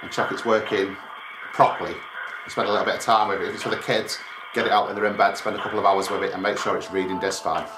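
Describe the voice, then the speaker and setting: A man's voice: on the low side, steady tone, fast talker. A man venting angrily to his viewers while on hold with customer support, swearing a lot. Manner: angry, swearing, exasperated. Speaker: gaming website owner and YouTuber. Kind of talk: venting to camera during a support call. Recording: echoey room with clear background noise.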